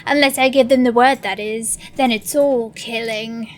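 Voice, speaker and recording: A woman's voice: on the high side, steady tone, normal speed, soft background music, natural voice, rough recording. A woman voicing a cruel, mocking male orc overseer, delivering clipped, sneering threats.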